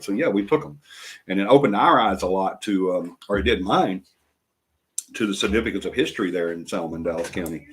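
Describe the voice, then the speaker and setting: A man's voice: sits low, fairly quick. An older man, hosting a paranormal live stream from home and chatting casually with viewers in a rambling, chuckling way. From Alabama. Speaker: paranormal show host. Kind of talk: casual livestream chat.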